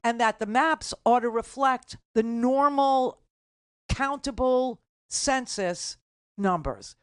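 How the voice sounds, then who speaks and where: A woman's voice: a little high, smooth, dry recording, clean studio sound. An older woman hosting a political talk radio show, delivering an indignant, sarcastic monologue. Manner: indignant, sarcastic, rapid asides.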